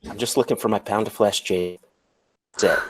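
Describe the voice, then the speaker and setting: A man's voice: fairly low pitch, steady tone, fairly quick, breathy edge. A man who is a guest on a podcast, casually telling earnest, rambling anecdotes. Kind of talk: casual chat.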